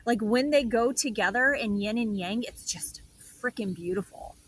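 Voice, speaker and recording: A woman hosting a reflective inspirational talk as a spiritual healer, soft, meandering and heartfelt. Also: on the high side, normal speed, slight background noise, rough recording.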